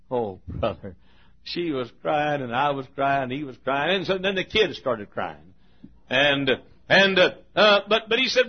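Male pastor, emotional sermon storytelling; husky, raised pitch; lo-fi muffled recording. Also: big pitch swings, moderate pace. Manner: emotional storytelling with repetitions, shifting volume. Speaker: preacher.

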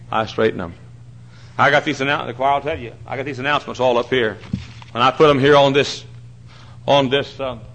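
A man preaching a sermon from the pulpit of a large church. He hammers the congregation with repeated questions and swings from hushed asides to loud preaching. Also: mid-range voice, a little hiss or hum. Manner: emphatic, presses the crowd with repeated questions. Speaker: pastor.

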